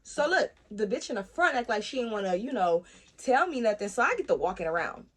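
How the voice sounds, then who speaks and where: A young woman telling a personal story in a casual vlog, animated and profane, acting out the other people's voices. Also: on the high side, fairly quick. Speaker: storyteller vlogger.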